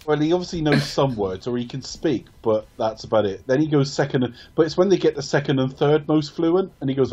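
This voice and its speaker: A man's voice: mid-range voice, a little fast, few pauses, a little mellow, muffled recording. A man co-hosting a casual film review podcast, rambling and correcting himself as he talks, with casual swearing. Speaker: podcast co-host.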